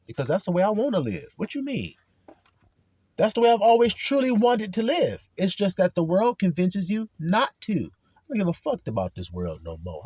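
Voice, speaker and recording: A man's voice: a little high, a little mellow, slightly rough, dry recording. A man preaching a blunt, profane religious monologue with heavy cursing. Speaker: religious speaker.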